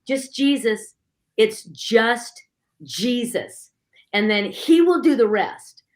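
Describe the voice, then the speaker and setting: High-voiced woman, animated Christian guest. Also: takes it slowly. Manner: animated storytelling, acting out quoted voices. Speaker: guest speaker. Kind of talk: conversational Christian talk.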